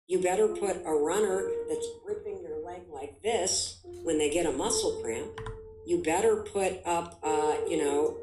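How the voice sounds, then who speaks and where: A woman's voice: fairly low pitch, roomy sound, low-quality recording. A woman giving an emphatic motivational talk as a guest, full of vivid examples. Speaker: guest speaker.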